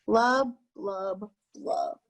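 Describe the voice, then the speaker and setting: A woman's voice: mid-range voice, wildly swooping pitch, very slow, heavily acted, poor audio. A woman reading aloud as a glum, pouting male fish from a picture book, in a sing-song rhyming refrain.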